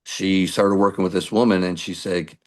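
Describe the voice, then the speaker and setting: A middle-aged male musician telling lively stories in an interview, acting out what people said to him. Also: low voice, normal speed. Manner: animated anecdotes with acted-out quotes. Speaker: musician guest. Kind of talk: storytelling interview.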